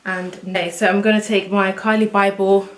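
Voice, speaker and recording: A woman chatting to viewers as she works through a casual makeup tutorial at home, excitable and talking as she goes. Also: medium pitch, moderate pace. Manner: chatty, excitable, talks to viewers while working. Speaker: beauty vlogger. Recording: echoey room.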